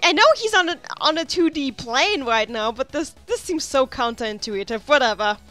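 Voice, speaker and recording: A woman's voice: high voice, lively intonation, moderate pace, fairly bright tone. A woman casually chatting and rambling while she plays a video game, full of restarts and side remarks. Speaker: let's play host. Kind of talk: casual gameplay commentary. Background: faint game music.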